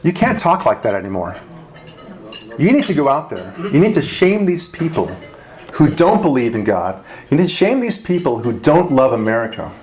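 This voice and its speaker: A radio talk show host giving a speech to a dinner audience, punchy and rhetorical, with frequent asides asking "right?" and small laughs. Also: male voice, mid-range voice, sing-song, moderate pace, a little mellow. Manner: conversational, with restarts and small laughs.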